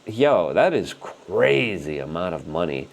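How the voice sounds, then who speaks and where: A man hosting a political commentary show, animated and indignant, talking with strong emphasis. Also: low voice, a little slow, vocal fry. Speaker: host.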